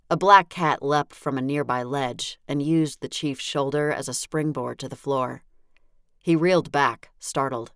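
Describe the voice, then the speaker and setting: Low-voiced wry woman narrating. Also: moderate pace, clean tone, no room sound, clean studio sound. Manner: wry, exasperated first-person telling. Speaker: audiobook narrator. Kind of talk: first-person scripted narration.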